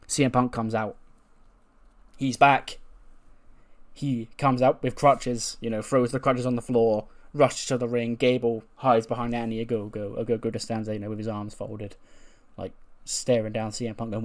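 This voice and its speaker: A man's voice: mid-range voice, level tone, moderate pace. Man casually recapping a wrestling game. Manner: casual, chuckling, retelling scenes. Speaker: game streamer.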